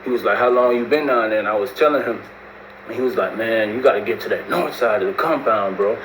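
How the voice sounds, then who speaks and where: A man's voice: lowish voice, fast talker, a bit bright. A man spins a long story in loose, slangy speech. He keeps slipping into the voices of the people he quotes. The recording has a roomy echo and a faint hiss of background noise. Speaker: storyteller recounting prison life. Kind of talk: casual storytelling.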